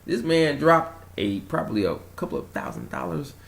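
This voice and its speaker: A man rambling through a casual vlog monologue, telling a story in an animated way, chuckling and trailing off while he searches for words. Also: fairly high pitch, moderate pace, gravelly. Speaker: conspiracy vlogger.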